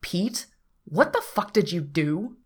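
A woman's voice: fairly low pitch, very animated, slow, husky, full character voice. A woman voicing a flustered, earnest young man who bakes for a living, speaking emphatically. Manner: emphatic, apologetic.

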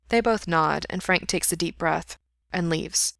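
A woman reading a story aloud in a steady, intimate way. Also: fairly low pitch, a little slow, vocal fry, no echo, clean studio sound. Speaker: story reader. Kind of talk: reading fan fiction aloud.

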